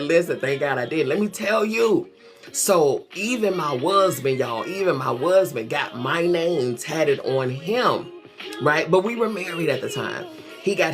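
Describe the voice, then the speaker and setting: A middle-aged woman therapist hosting a live show, telling stories in a sassy, animated way and calling her viewers honey and child. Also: low voice. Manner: animated, sassy storytelling with frequent laughs; talks straight to viewers with endearments like honey and child. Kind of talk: casual livestream chat.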